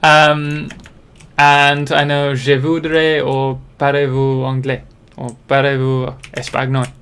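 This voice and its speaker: A man's voice: medium pitch, completely flat delivery, slow pace, a bit bright, smooth. A young man from Britain chatting casually on a live game stream, rambling and self-deprecating, with many ums and restarts. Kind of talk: casual live-stream chat while playing.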